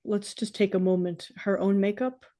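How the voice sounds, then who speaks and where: A middle-aged woman co-hosting a podcast in casual chat, chatty and quick to agree. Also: medium pitch, steady tone, mellow. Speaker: podcast co-host.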